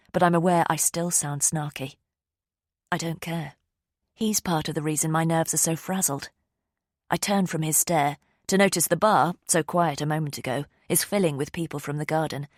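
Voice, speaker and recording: Female audiobook narrator, low register, dry close recording, voices characters lightly. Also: no room sound. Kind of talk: scripted narration.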